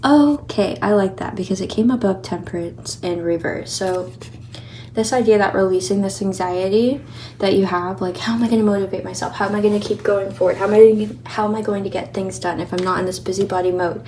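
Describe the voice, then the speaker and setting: A woman's voice: medium pitch, brisk, mellow, a little hiss or hum. A young woman giving a casual tarot reading, chatty and encouraging, a little out of breath and laughing often. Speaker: tarot reader.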